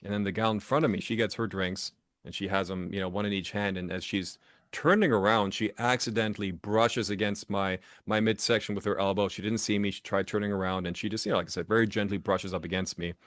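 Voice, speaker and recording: A man with a fairly low voice being interviewed about his writing. He tells stories animatedly, restarting phrases often and acting out what people said. The sound is dry and close to the mic. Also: fast talker, dry recording. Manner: animated storyteller who acts out quotes with many restarts. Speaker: author guest. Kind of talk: casual storytelling interview. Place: Las Vegas.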